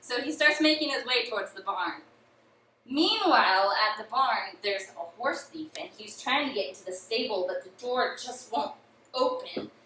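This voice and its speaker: A young woman retells a folk tale in a lively, chatty way, her voice bright and fairly high. The room echoes and the mic sits some distance away, with a faint hiss underneath. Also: moderate pace. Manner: lively, chatty, uses "he's like". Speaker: student storyteller. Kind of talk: casual oral storytelling.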